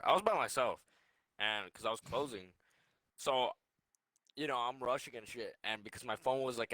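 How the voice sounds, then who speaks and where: Fast-talking, bright-voiced young man. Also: lowish voice, dry recording. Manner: swearing, rambling storytelling with restarts. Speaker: podcast co-host. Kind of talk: casual chat.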